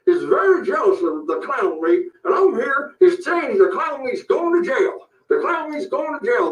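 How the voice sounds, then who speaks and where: A man voicing a brash, crude self-styled cowboy sheriff in a comedic parody rant, boasting and making blustering threats. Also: very high-pitched. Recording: roomy, distant, dull lo-fi sound.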